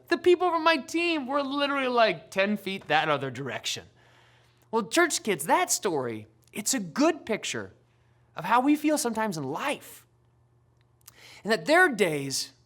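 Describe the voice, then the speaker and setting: A woman hosting a children's church show, telling a Bible lesson in a playful, animated storytelling manner. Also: on the high side. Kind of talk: lively kids' Bible lesson.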